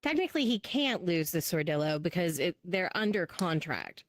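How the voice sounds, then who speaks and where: A woman's voice: lowish voice, sing-song, moderate pace, noisy background. A woman player in a casual role-play game chat, explaining insistently with stumbling restarts. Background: music.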